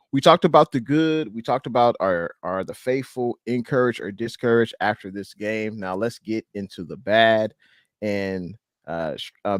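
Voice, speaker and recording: A man hosts a casual sports chat on a live stream, talking loosely and reading out names from the chat. His voice sits a little low. The sound is close and dry, with no room around it. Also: dry recording. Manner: relaxed, loose talk with fillers, reads out chat names. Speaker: podcast host.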